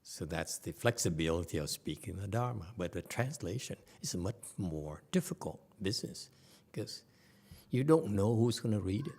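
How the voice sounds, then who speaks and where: A man's voice: low-pitched, animated, normal speed, darkish tone, slightly rough. A man giving a conversational Buddhist sutra lecture, often stopping to question his audience. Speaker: Buddhist teacher.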